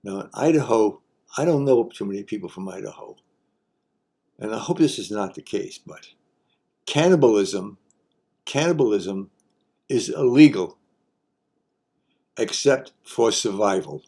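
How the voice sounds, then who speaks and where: A man's voice: lowish voice, animated, moderate pace, long pauses, warm tone, slightly rough. An older man hosting a casual explainer, talking in a folksy, wry way with joking asides. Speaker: host.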